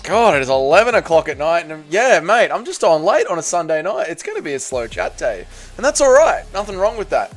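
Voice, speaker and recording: Upbeat Australian man, fairly high voice. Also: sing-song, a little fast, soft background music. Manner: upbeat, greets chat viewers by name, chatty and rambling. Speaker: live stream host. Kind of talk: casual live stream chat.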